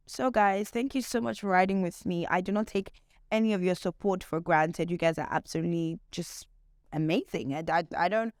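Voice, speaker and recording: A woman's voice: fairly low pitch, fairly quick, dry recording, clean studio sound. A woman hosting her own show, talking candidly and playfully to her viewers in a casual monologue. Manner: candid, chatty, playful asides. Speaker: host.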